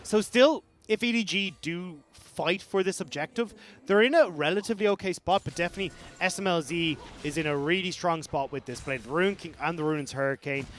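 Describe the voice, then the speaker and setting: A man's voice: fairly high pitch, fairly bright tone, a little hiss or hum. A man with an Irish accent doing analytical colour commentary on an esports match, laughing and teasing his co-caster.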